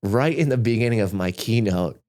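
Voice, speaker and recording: Deep-voiced earnest man. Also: lively intonation, brisk, a little mellow. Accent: Middle Tennessee. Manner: earnest, heartfelt. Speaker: podcast guest, speaker and entrepreneur. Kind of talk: candid conversational storytelling.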